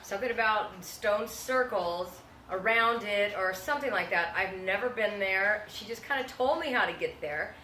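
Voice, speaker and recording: A woman who sees patients, explaining things in a relaxed, unhurried casual chat. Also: mid-range voice. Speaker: health practitioner. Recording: echoey room with faint noise.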